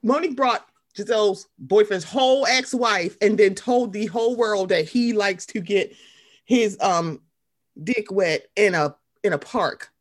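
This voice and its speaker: A woman's voice: medium pitch, unhurried. A young woman hosting a casual chat show, talking animatedly and acting out quotes in different voices. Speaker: podcast host.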